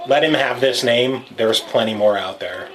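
A man's voice: mid-range voice, normal speed, a bit bright, poor audio. A man hosting a casual podcast, joking with friends and reading listener emails. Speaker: podcast host.

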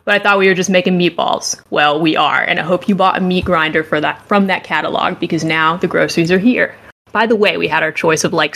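Lively, joking woman host, slightly low voice. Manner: animated, joking, rambling and enthusiastic. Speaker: podcast host reviewing a game. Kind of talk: casual chat.

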